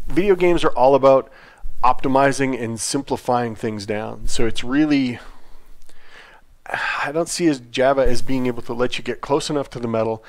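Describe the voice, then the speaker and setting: Male dev co-host, mid pitch, animated and opinionated, casual livestream banter. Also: moderate pace.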